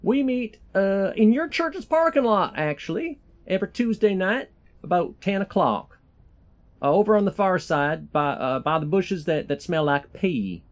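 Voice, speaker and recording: A man's voice: high-pitched, animated, measured pace. A man voicing a folksy, rambling hillbilly preacher in a put-on Southern drawl. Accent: put-on generic American Southern. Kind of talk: comedic sermon parody.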